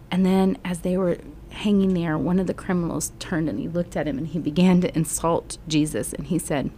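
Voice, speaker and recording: A middle-aged woman Bible teacher telling a gospel story slowly and earnestly, often sinking into a whisper. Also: lowish voice, steady tone, dark tone, slight background noise. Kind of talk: emotional Bible storytelling lesson.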